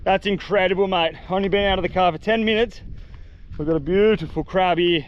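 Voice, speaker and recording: Male outdoor vlogger, high-pitched and excitable, self-filmed on a handheld camera with faint background ambience. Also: a little fast, highs cut off, slight background noise. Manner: excited, breathless slang-filled chatter. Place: outdoors in mangroves by water.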